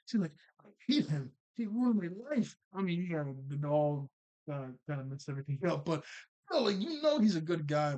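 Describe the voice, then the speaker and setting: A young man talks through a cartoon episode in a loose, rambling way, full of fillers and little laughs. His voice sits a little higher than most men's. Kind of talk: casual recap and chat.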